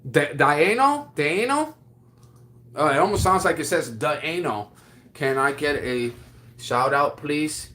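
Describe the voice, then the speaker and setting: A man on a casual livestream who reads viewer comments aloud and chats in an excitable, slangy way full of restarts. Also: fairly high pitch, measured pace. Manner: drawling slang with frequent restarts.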